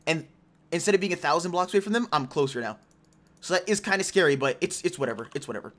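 A young man who runs a gaming YouTube channel gives live commentary on his own gameplay, talking to himself and his viewers and teasing the other players. His voice is fairly high and fairly bright, expressive and quick.

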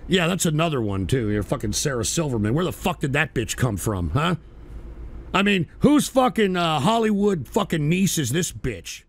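A man rants through a talk radio show in a high, gravelly voice. He swears constantly and shouts at his listeners while reading out their paid messages. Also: very animated, normal speed. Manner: angry, loud, swearing, shouting at viewers. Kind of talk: profane political rant.

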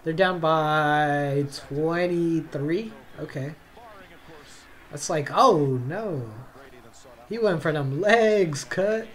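A young man with a high voice reacts to a football game for his channel, talking in a slow, drawn-out way. He yelps and groans at the plays and tacks "bro" onto almost everything. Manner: excitable, yelps and drawls "bro" constantly. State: tired, yawning. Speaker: reaction video host. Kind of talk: casual game reaction commentary.

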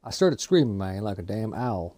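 A man's voice: lowish voice, sing-song, moderate pace, dark tone, no echo, pitched below the performer's own voice. A man voicing a laid-back redneck buddy who rambles and ends every phrase with "man". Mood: rambling. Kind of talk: gameplay commentary banter.

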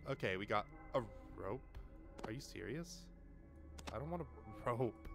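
A young man giving casual let's-play commentary, swearing often and swinging between muttering and excited outbursts. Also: lowish voice, normal speed, gravelly, faint music behind.

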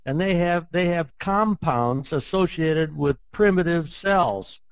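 A man's voice: fairly high pitch, slow, hardly any pauses, clean tone, no room sound, poor audio. An older man explaining his ideas in conversation, emphatic and admittedly emotional, repeating points for force. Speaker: interview guest, framework creator.

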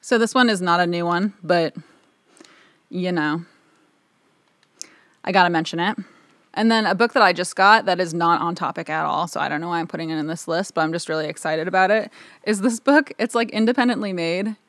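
A woman's voice: on the low side, fairly quick, fairly bright tone, dry recording. A woman talking casually to the camera in her own recording studio, rambling and chatty with lots of filler words. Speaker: audio engineer and video host.

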